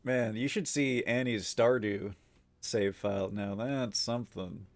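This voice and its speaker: A man's voice: fairly low pitch, measured pace. A man streaming live, chatting casually with viewers in a rambling way, full of fillers, frequent swearing and easy laughs. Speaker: livestreamer.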